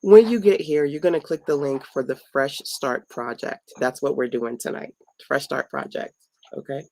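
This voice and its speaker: A middle-aged woman with an extremely low, warm voice hosts a late-night home livestream as an online business coach, teaching viewers casually at normal speed. Tired but playful, she chats with viewers and family mid-stream; the low-quality recording has no room sound.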